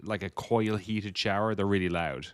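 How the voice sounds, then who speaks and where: A man's voice: on the low side, moderate pace, dry recording. An Irish man co-hosting a podcast, chatting casually and joking around. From Ireland. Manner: jokey, playful, drifts into silly accents. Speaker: podcast co-host. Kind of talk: casual chat. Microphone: different mic than usual, at home.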